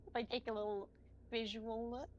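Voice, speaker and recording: Woman, tabletop player, higher voice, unhurried, hesitant and giggly. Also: dull audio. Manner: hesitant, full of fillers and giggles. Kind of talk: casual role-play chat.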